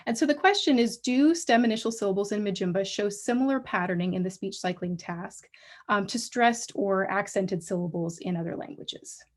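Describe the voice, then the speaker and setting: A woman's voice: medium pitch, moderate pace. Woman giving an academic lecture. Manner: explanatory, frequent ums and restarts. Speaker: guest lecturer. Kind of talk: academic colloquium talk. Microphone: livestream talk mic.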